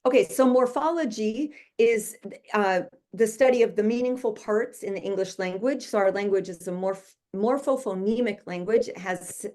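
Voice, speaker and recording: A woman's voice: mid-range voice, moderate pace, darkish tone. A woman tutor explaining a spelling method step by step, patient and conversational with some fillers. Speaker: literacy tutor. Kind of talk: instructional explanation.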